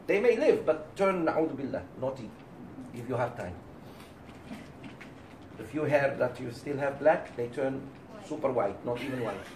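A man teaching a religious class, speaking in a lively way and acting out the voices he quotes. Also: medium pitch, moderate pace, long pauses, a little hiss or hum. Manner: animated, acts out quoted voices. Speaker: Islamic teacher. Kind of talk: lecture to a class. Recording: roomy, distant mic, faint background.

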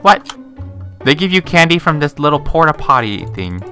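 A woman's voice: deep voice, very animated, normal speed, a bit bright, faint music behind. A young woman casually commenting on her gameplay in a giggly, playful, exclaiming way. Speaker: gaming video host.

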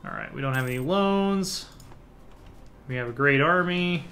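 A man's voice: on the high side, lively intonation, moderate pace, sharp tone, faint music behind. A man hosting a strategy game playthrough, thinking aloud as he clicks through menus and muttering half-finished plans. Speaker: let's play host. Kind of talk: casual gameplay commentary.

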